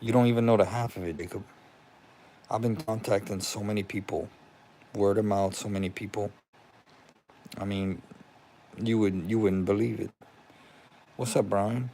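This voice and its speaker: A man's voice: lowish voice, moderate pace, pauses often, a little hiss or hum. A young man chatting casually on a livestream at home, greeting viewers by name. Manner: excited, talks to viewers by name, relieved. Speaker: livestream host. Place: home room with TV.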